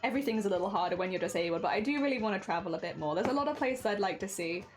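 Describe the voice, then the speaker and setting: A woman's voice: medium pitch, animated, racing, faint music behind. A young woman, chatting casually on a live stream, reading and answering chat with frequent laughs.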